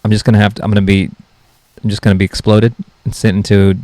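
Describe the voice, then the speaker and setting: A man's voice: fairly low pitch, little pitch movement, fast, darkish tone, dry recording. A man hosting a comedy podcast, rambling through off-color jokes and poking fun at himself. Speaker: podcast host.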